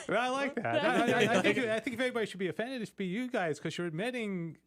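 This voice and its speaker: A man's voice: high-pitched, fast, a loud crowd. A man hosting a faith talk show, chatty and often laughing, who repeats words as he talks. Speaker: host. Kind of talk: casual studio chat.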